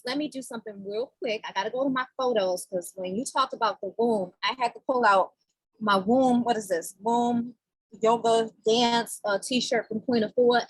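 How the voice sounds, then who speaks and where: A woman's voice: a little high, husky, dry recording, rough recording. A woman chatting on a group call, talking aloud while she searches for something to share. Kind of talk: casual chat on a group call.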